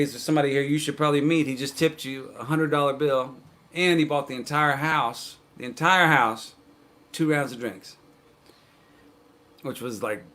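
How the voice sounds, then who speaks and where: A man's voice: medium pitch, a bit bright. A man hosting his own livestream show, chatting casually between songs as a laid-back storyteller with dry jokes. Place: indoors, streaming live. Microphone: stream cameras.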